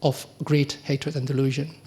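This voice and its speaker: A middle-aged man, a monk giving a conversational dharma talk, often asking the audience questions and acting out quoted exchanges. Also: normal speed. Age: middle-aged or older. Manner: acts out quoted exchanges with lively pitch jumps. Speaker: Buddhist monk teacher.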